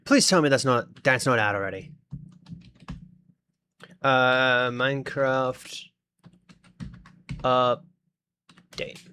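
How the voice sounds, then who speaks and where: Australian man streaming a game, easygoing mid-pitched voice, rambling chat, faint hiss behind. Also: animated, slow, long pauses, pushed and bright. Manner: rambling, chatty, talks to his chat. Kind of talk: casual gaming livestream chat.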